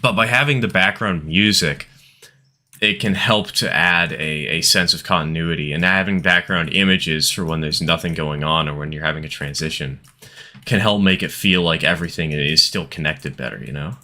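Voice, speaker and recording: A gaming streamer with an extremely low, sharp-toned voice chats casually at a moderate pace while playing a train game. He rambles through asides and laughs often.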